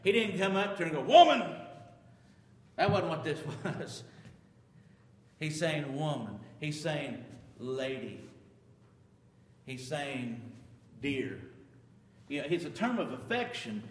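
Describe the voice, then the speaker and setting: A man preaches to his congregation in a slightly high voice, booming on key words and then dropping to near-quiet asides. The sound carries a long, echoey hall reverb around him. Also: lively intonation, slow, long pauses. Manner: dynamic preaching, swinging from loud emphasis to quiet asides. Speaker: pastor. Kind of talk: sermon.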